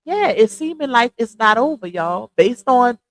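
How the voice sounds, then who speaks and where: A congested woman hosts a casual live stream, her voice pitched a little high. She chats straight to her viewers through earphones, stuffy and loose. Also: lively intonation, normal speed, no echo, poor audio. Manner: chatty, addresses viewers as y'all. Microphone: earphones with mic.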